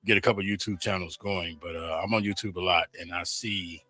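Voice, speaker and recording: A man's voice: deep voice, fairly even intonation, a little fast, bright, forceful tone, no room sound, soft background music. A man talking as a co-host on a live stream call, easygoing and candid. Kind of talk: casual live stream chat.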